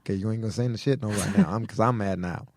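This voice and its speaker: A man co-hosting a comedy podcast, ribbing the host loudly with slangy jokes. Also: on the low side, rapid-fire, no room sound, studio quality. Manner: loud, street-slang ribbing. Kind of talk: casual comedy banter. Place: podcast studio.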